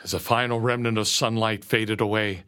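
A man narrating a first-person story slowly and earnestly, dropping to a hush at moments. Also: fairly low pitch, fairly even intonation, clear, resonant tone. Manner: slow, earnest storytelling with quiet hushed moments.

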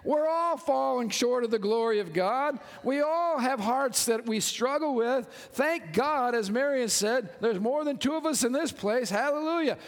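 A man preaching a lively sermon as pastor, joking and calling out to his congregation. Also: very high-pitched, moderate pace, few pauses, big-room sound. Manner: animated, joking, calls out to congregation.

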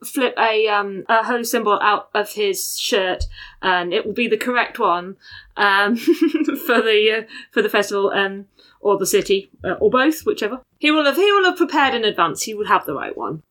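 A woman plays her character in a tabletop game with a mid-range voice. She narrates his actions haltingly, with plenty of fillers. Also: mid-range voice, fairly bright tone. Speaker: player.

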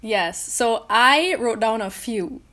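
A woman's voice: on the high side, lively intonation, slow pace, bright, forceful tone. A woman co-hosting a podcast, giggling often as she talks about a movie. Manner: giggly, playful. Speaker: podcast co-host. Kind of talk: casual movie discussion.

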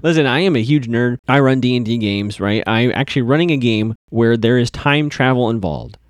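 A man's voice: mid-range voice, brisk, dry recording, clean studio sound. A young man casually recapping a TV episode, chatty and amused, with plenty of fillers. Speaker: podcast host recapping a TV episode.

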